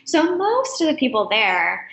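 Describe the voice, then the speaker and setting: A woman with a high voice, a guest telling a personal story in a conversational way, laughing often as she talks. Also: huge pitch swings, a little slow, creaky, a bit bright, reverberant. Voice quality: high-pitched voice. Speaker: interview guest.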